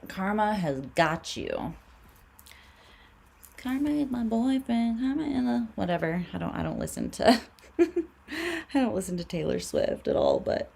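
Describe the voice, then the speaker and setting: A woman's voice: on the low side, creaky. A woman giving a casual livestream tarot reading, laid-back and swearing freely, often laughing as she talks. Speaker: tarot reader.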